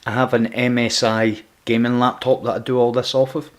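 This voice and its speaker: A man's voice: medium pitch, flat delivery, moderate pace. A man chatting casually with viewers by name while live-streaming a game, talking loosely with many restarts into a home desk mic. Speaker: gaming livestreamer. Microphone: external USB mic at home gaming setup.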